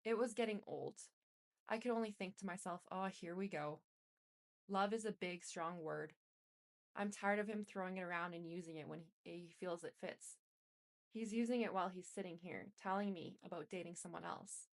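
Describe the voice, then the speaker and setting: A woman reading a memoir aloud in an even, unhurried way, with small restarts. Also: on the low side, creaky. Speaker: reader.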